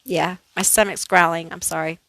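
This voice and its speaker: A woman's voice: fairly low pitch, fairly even intonation, normal speed, vocal fry, a bit bright, a little hiss or hum, rough recording. A woman doing a casual tarot card reading, thinking aloud in a chatty way with many fillers. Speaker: tarot reader.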